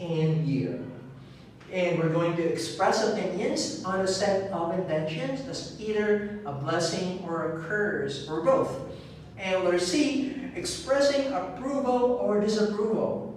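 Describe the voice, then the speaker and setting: Echoey, slow-speaking male English teacher. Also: high voice, recorded from a distance, a little hiss or hum. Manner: slow and clear, drilling words with a repeated stress. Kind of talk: recorded online lesson.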